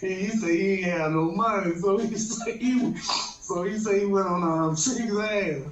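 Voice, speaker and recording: Man, high voice, rambling storyteller who laughs a lot; roomy, dull lo-fi recording. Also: unhurried. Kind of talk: casual storytelling. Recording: roomy, dull lo-fi sound with faint noise.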